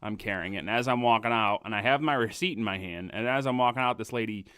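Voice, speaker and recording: A man co-hosting a podcast, telling crude stories in a casual, animated way. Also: fairly low pitch, fast talker, smooth, no room sound, clean studio sound. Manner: animated, crude, laughing storyteller. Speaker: podcast co-host. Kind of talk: casual storytelling chat.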